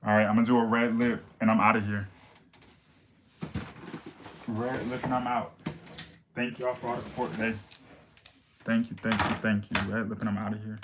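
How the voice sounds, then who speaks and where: Streamer type: deep man, monotone delivery, sassy and blunt, chatting to viewers over a faint hiss. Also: moderate pace, pauses often. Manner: blunt, sassy, reads viewer questions aloud. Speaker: livestream makeup host. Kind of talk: casual livestream chat.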